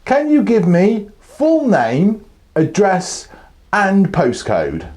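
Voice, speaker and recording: A man's voice: fairly high pitch, wildly swooping pitch, normal speed, darkish tone, voice pushed up. A man voicing a polite but persistent male call-centre caller who speaks in a formal, clipped way. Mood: insistent.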